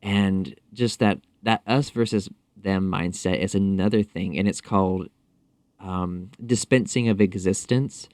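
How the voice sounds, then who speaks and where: A man's voice: low voice, fairly even intonation, darkish tone, no room sound. A man speaking as a podcast guest in a casual interview, talking thoughtfully with frequent fillers and restarts. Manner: thoughtful, halting, many fillers.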